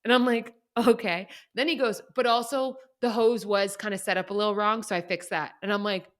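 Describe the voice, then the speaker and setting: Here a young adult podcast co-host tells a story in lively, casual chat, often laughing and quoting others. Her voice is mid-range and she talks briskly.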